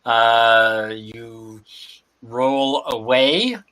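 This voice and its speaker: A man running a tabletop game as game master, talking in a halting way with many fillers. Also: medium pitch, steady tone, bright, forceful tone. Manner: slow, halting, lots of uh fillers.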